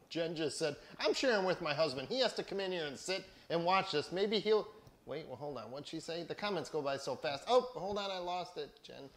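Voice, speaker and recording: A man's voice: fairly high pitch, animated, normal speed. A middle-aged man co-hosting a casual craft livestream, teasing his wife and reading viewer comments aloud. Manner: teasing, laughing storyteller.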